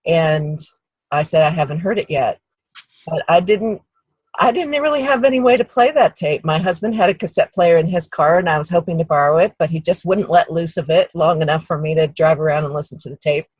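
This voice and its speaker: Husky woman telling a personal story. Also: deep voice, brisk, no room sound, rough recording. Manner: warm anecdotal storytelling, acts out quoted people. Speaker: guest speaker. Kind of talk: storytelling on a team call.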